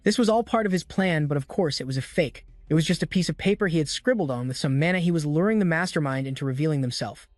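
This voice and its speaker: Man narrator, scripted recap, brisk, slightly high, faint music underneath. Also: a little mellow, no echo, studio quality. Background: faint background music.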